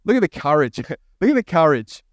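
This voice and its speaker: A man's voice: a little high, very animated, moderate pace, no echo, lo-fi sound. A man preaching a sermon as pastor, telling a story and acting out both sides of a conversation.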